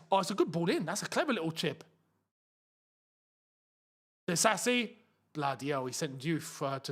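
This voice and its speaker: A young man gives live reaction commentary on a football match for his watchalong audience. His voice sits high and moves a great deal, and he breaks into shouts and laughter whenever a chance comes. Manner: excitable, shouts and laughs at chances, chatty asides.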